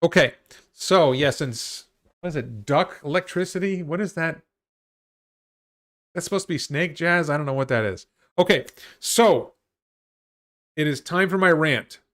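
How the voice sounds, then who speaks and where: A man with a fairly high voice hosts a solo livestream. He thinks out loud, breaks off and restarts, reads viewer comments, and builds into an annoyed rant. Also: expressive, normal speed. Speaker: host of a livestream on stocks.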